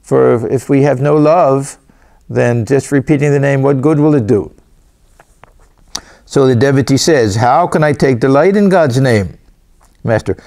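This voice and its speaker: Low gravelly-voiced swami commenting on scripture. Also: male voice, unhurried. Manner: gentle, repeats phrases, frequent restarts. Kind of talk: reading with spoken commentary.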